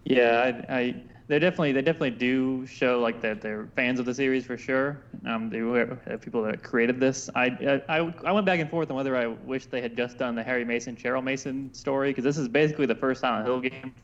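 A man's voice: medium pitch, steady tone, fast, few pauses. Man on a dull, lo-fi line chatting. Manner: chatty, stumbling restarts. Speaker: podcast co-host. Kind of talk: casual podcast chat.

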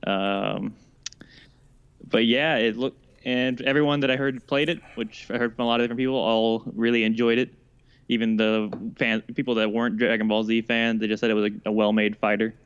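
A man co-hosting a gaming podcast, talking casually and chattily with halting restarts. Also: fairly low pitch, little pitch movement, clean tone, lo-fi sound. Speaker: podcast co-host. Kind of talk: casual chat.

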